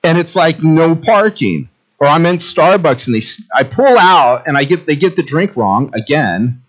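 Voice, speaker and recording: A male pastor preaching a sermon in a conversational, self-mocking way, telling animated stories. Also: on the high side, normal speed.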